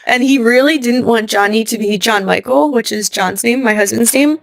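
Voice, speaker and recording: Gravelly young woman telling a story. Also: a little high, normal speed, dry recording. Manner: animated retelling, acting out quoted lines, laughing often. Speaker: interview guest. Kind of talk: personal storytelling in conversation.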